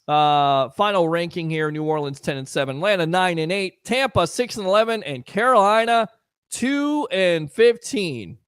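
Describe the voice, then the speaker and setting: A man's voice: a little high, a little fast, few pauses, a bit bright, clean tone, dry recording, studio quality. A man hosting a casual sports talk show, riffing sarcastically and chatting with listeners.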